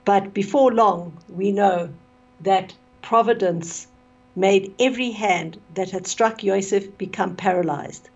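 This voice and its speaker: A woman retelling a story on the radio, expressive and with fillers, on a dull lo-fi recording. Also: mid-range voice, slow pace, breathy edge.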